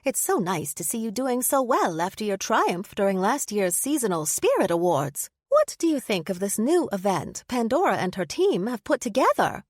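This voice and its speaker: A woman voicing an eager, chirpy female news reporter who asks questions brightly. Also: mid-range voice, big pitch swings, moderate pace, few pauses, no room sound, studio quality.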